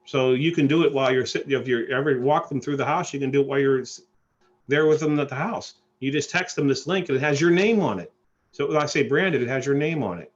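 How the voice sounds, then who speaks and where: A man giving an animated sales presentation on a group call, often repeating and restarting phrases. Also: mid-range voice, fast talker, muffled recording. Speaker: credit repair presenter. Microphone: phone or call line.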